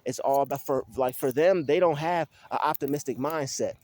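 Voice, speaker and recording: A man's voice: medium pitch, fairly quick, warm tone. A man talking in a casual motivational monologue, emphatic and repetitive, like he is preaching. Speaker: motivational vlogger.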